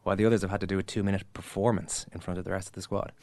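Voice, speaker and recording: A man's voice: sits low, level tone, very fast, darkish tone, no echo. An Irish man hosting a sports podcast in casual chat, wry and often laughing. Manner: wry, laughing, mock-dramatic delivery. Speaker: podcast host.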